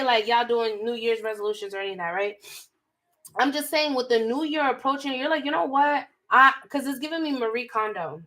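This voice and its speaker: A young woman giving a live tarot reading, animated and emphatic, full of slang, talking straight to her viewers. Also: sits high. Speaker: tarot reader.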